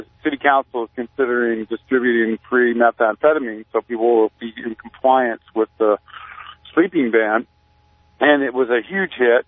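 A man calling in to a radio show, talking in a halting, rambling way with deadpan satire. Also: medium pitch, no room sound. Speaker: caller, community activist. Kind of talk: casual radio interview over the phone. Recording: tinny phone line.

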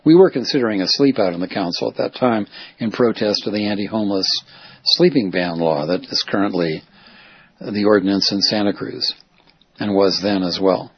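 Male reporter-activist, rambling monologue, husky, dull lo-fi audio. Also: fairly low pitch, normal speed, no echo. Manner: rambling, digressive, self-correcting. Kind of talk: casual spoken monologue.

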